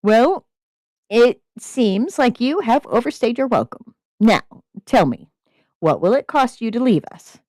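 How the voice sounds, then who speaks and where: A woman reading a story aloud, voicing a smug, possessive male crime boss who speaks slowly and calmly with quiet menace. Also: low voice, no room sound. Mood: menacing.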